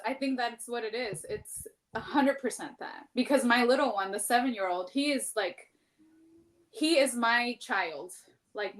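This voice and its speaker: A woman's voice: fairly high pitch, a bit bright. A woman in her thirties in a casual podcast chat, talking candidly and at length, full of "like" and the odd swear word. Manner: candid, rambling, heavy use of "like", swears freely.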